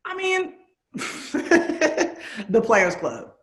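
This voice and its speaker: Bright-voiced candid woman in her thirties. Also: on the low side, normal speed. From Chicago, USA. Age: 30s. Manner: candid, animated, swears freely. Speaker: interview guest. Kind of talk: casual interview chat.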